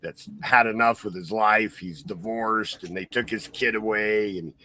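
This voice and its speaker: A man's voice: lowish voice, a little slow, sharp tone. A man hosting a podcast, telling a rambling story in casual chat, full of fillers. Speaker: podcast host.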